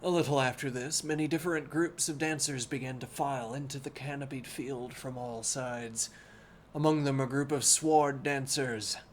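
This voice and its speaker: On a live stream, a man reads a classic novel aloud as a bedtime story, slow and deliberate, dropping wry asides. His voice is mid-range, with a little hiss or hum in the recording.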